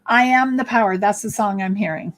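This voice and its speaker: A woman with a mid-range voice speaks briskly as co-host of a live psychic card-reading stream. She chats along and reads viewers' comments out loud.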